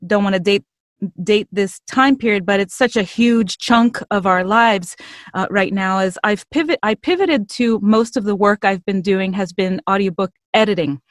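An energetic woman in her thirties, a voiceover artist chatting as a podcast guest. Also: mid-range voice, normal speed, no echo, clean studio sound. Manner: energetic, upbeat, laughs easily. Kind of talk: casual interview chat.

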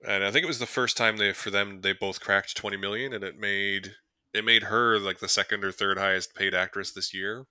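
Here a man with a lowish, steady voice, slightly quick, pushed, bright and smooth, chats through a movie review as a podcast co-host. The clean studio audio has no echo, and his easygoing rambling is full of fillers and chuckles.

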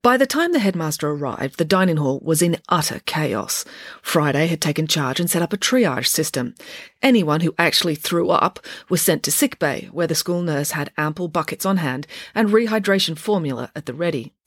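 A woman narrating a children's storybook in a playful, expressive way. Her voice sits low but swings widely in pitch. The recording is dry and close. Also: normal speed, no room sound. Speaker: audiobook narrator.

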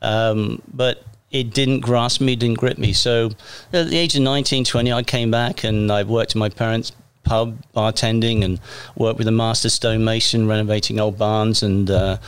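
Chatty middle-aged Englishman, smooth voice. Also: fairly low pitch, fairly even intonation, normal speed, hardly any pauses. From England. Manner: chatty, self-deprecating, lots of restarts. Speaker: police officer guest. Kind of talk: casual interview storytelling.

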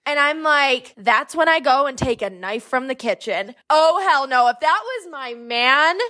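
A woman's voice: sits high, lively intonation, measured pace, bright, forceful tone. A young woman co-hosting a podcast, bluntly recapping a reality dating show in casual chat. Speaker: podcast co-host.

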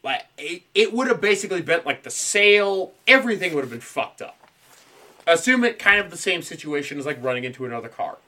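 Animated, bright-voiced man chatting profanely. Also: a little high, brisk. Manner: profane, laughs a lot, animated storytelling. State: dry mouth. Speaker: podcast host. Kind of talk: casual conspiracy podcast chat.

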